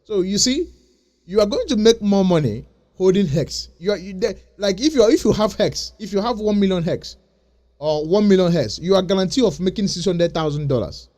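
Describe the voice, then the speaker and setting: A man's voice: high-pitched, expressive, brisk, darkish tone. Insistent man lecturing his viewers. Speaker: crypto channel host. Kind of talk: casual vlog talk to camera.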